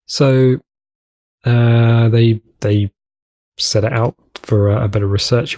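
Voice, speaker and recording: Male let's-play host, mid-pitched and mellow, loose rambling commentary with self-mocking asides. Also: fairly even intonation, a little slow. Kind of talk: casual gameplay commentary.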